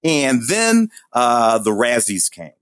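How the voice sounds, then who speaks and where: Man, forties, film chat co-host, animated pitch, halting delivery, dry studio sound. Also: no echo. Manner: halting, many restarts, laughing asides. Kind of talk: casual movie review chat.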